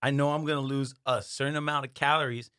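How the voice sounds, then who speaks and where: A man's voice: mid-range voice, steady tone, fast, pushed and bright, clear, resonant tone, dry recording, clean studio sound. A man guesting on a podcast, chatting casually and laughing easily as he retells a friend's texts. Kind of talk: casual chat.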